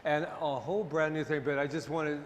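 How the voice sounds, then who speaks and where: A man's voice: a little high, fairly even intonation, fairly quick. A man serving as minister, talking casually and jokingly to his congregation during a Sunday service. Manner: chatty and joking, rambles off-topic. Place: church sanctuary with a congregation. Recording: reverberant hall, faint background noise.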